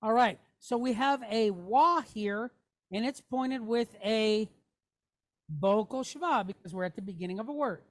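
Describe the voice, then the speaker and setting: A Hebrew teacher with a somewhat high voice gives a classroom lesson at an unhurried, deliberate pace. She patiently sounds words out and pauses to check in with her students before continuing.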